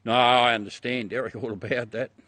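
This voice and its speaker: A middle-aged Australian man chats casually with livestream viewers, joking, swearing and laughing a lot while showing the moon through a telescope. His mid-range voice has little pitch movement, a sharp tone and a slightly fast pace, recorded with no echo.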